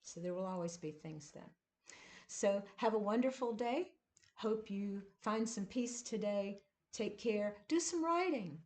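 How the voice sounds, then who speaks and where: A woman teaches poetry in a casual video lesson, taking her time over each phrase. Her pace is slow and deliberate, and she leans into the beat of each line as she explains it. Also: medium pitch, expressive, darkish tone. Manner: slow, deliberate, emphasizing rhythm. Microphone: camera at desk, seen gesturing.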